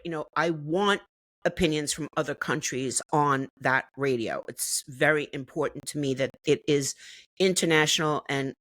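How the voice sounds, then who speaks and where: A woman's voice: low-pitched, fairly bright tone, no echo. A woman from the United States chatting enthusiastically as an interview guest, now and then laughing as she talks. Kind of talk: casual interview chat.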